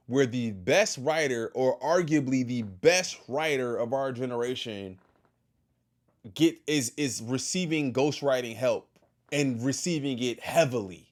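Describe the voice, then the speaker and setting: Animated man reacting to a clip. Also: mid-range voice. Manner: animated, talks back to the video and thanks chat. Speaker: host reacting to a video. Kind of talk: casual reaction commentary.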